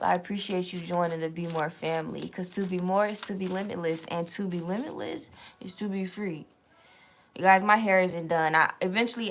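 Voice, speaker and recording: Chatty young woman hosting a tarot live. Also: on the low side. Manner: chatty and loose, answers viewer comments, swears freely. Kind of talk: casual live-stream chat and tarot reading.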